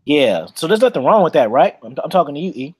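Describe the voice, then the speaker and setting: A man's voice: on the high side, very animated, quick pace, a little mellow, slightly rough, dry recording. A man co-hosting a casual, uncensored chat, talking in a boastful, profane, slick storytelling way. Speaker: podcast co-host.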